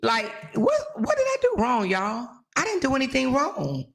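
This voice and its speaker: A woman's voice: sits high, huge pitch swings, normal speed, creaky, fairly bright tone. A woman hosting a live talk stream, chatting animatedly with viewers, laughing often and speaking straight to her audience. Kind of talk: casual gossip chat with live viewers.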